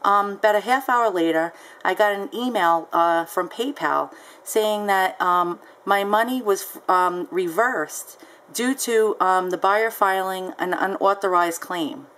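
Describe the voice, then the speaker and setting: A woman's voice: medium pitch, unhurried, fairly bright tone, low-quality recording. A woman seller casually recounting a story on her vlog, chatty and peppered with ums and asides. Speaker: online seller.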